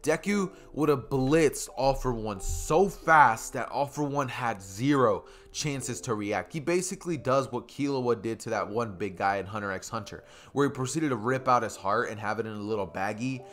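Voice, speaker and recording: A young man casually narrating a fan story, excited and rambling, often correcting himself mid-sentence. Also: medium pitch, moderate pace, few pauses. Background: faint music.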